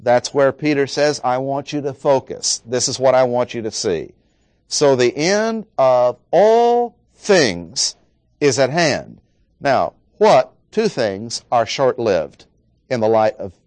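Male preacher, expository sermon, slow emphatic pauses, mid-pitched voice, dry close sound. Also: animated, darkish tone, dry recording. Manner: deliberate, stressing key words with slow dramatic pauses.

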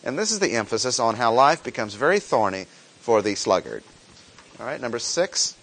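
A man teaching a sermon in an unhurried, deliberate voice. He reads scripture aloud and then explains it in plain words, repeating the key phrases for emphasis. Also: medium pitch, big pitch swings, fairly bright tone. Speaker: preacher.

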